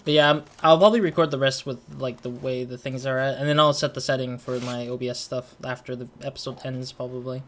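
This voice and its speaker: A young man casually commenting on his game, excitable and rambling, with many fillers. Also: mid-range voice, fast talker, few pauses. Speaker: gaming channel host. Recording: noisy home recording with game audio behind.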